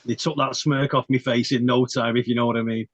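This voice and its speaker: This man, also a guest, talks about his time in the army in an easygoing exchange, swearing, laughing frequently, and asking "you know what I mean" again and again. His medium-pitched voice moves little in pitch and runs a little fast. The sound is dull and dry.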